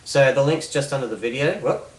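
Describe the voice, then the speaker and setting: A man's voice: medium pitch, brisk. A man casually explaining a hypnosis technique, rambling with fillers and restarts. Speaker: hypnosis instructor. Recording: roomy, distant mic with faint ambience.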